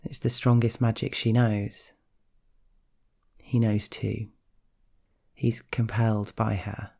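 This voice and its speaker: A man narrating a scripted story in a slow, hushed, measured way. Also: lowish voice, level tone, gravelly.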